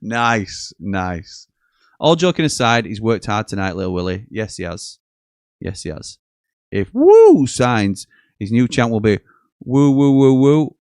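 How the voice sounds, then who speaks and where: Man, live match watchalong host, low voice, dry close sound, jokey and chatty. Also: a little slow, no room sound. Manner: chatty, jokey, reads out messages and chuckles often. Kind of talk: live casual commentary reading viewer chat.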